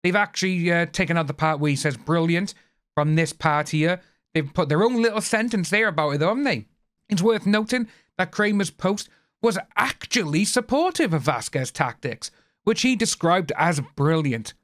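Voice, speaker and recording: A man's voice: fairly high pitch, animated, normal speed, fairly bright tone, no echo, clean studio sound. A man hosting a casual commentary, reading news aloud and adding opinionated, rambling asides. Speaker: channel host.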